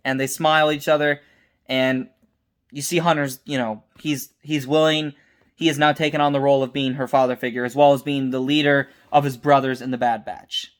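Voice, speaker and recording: A man's voice: mid-range voice, little pitch movement, fairly quick. Tired young man rambling a review. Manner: rambling, with restarts and mixed-up names. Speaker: TV episode reviewer. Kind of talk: casual unscripted review.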